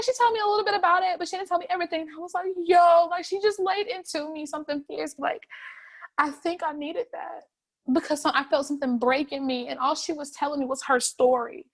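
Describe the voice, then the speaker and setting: A young woman, telling her story in an oral history interview, animated and often laughing, her voice catching with emotion. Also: sits high. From North Carolina, USA. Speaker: interviewee, street artist.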